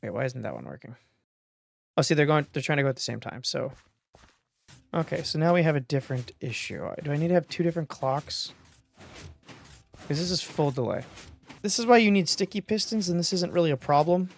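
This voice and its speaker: Excitable man thinking aloud over gameplay. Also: fairly high pitch, fairly quick, creaky, pauses often. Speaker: gaming channel host. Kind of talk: casual gameplay commentary.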